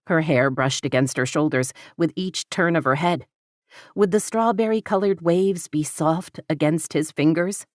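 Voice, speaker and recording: A woman reading an audiobook romance novel in a measured, steady manner. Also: low voice, no room sound, studio quality. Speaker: audiobook narrator. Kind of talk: scripted romance narration.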